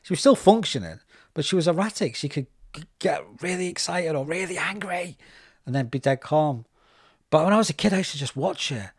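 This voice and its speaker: A man hosting a podcast interview, talking in a loose, chatty way. He gets animated as he tells personal stories and slips into the voices of the people he quotes. The recording is dry and close, with no room sound. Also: a little high, a little fast, breathy edge, no echo. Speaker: podcast host. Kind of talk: casual interview chat.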